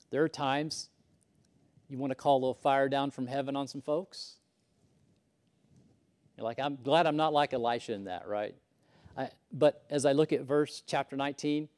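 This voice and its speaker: A man's voice: mid-range voice, a little mellow. A man preaching a sermon, emphatic, rising and falling as he acts out the lines he quotes. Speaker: pastor.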